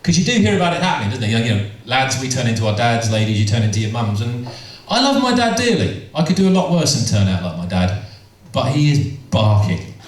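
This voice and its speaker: A man's voice: medium pitch, big pitch swings, quick pace, few pauses, a little hiss or hum. A man doing stand-up storytelling, rambling and repeating himself with amused asides. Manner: rambling, self-interrupting, amused. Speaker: stand-up comedian. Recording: echoey room from far off.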